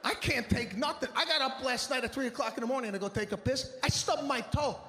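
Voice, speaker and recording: A male stand-up comedian doing a live routine, telling stories in an animated, exasperated way with big swings in voice. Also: extremely high pitch, brisk. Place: theater stage before a live audience. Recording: echoey live venue with long reverb.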